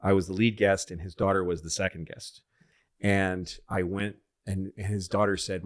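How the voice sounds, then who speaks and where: A man's voice: low-pitched, normal speed. A middle-aged man from Massachusetts telling stories in casual podcast chat, acting out the voices of the people he quotes. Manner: animated storyteller, acts out quoted voices.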